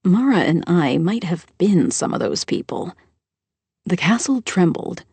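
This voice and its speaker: A woman narrating a first-person mystery audiobook in a steady storytelling voice on a close microphone. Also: fairly low pitch, a little slow, husky, dry recording.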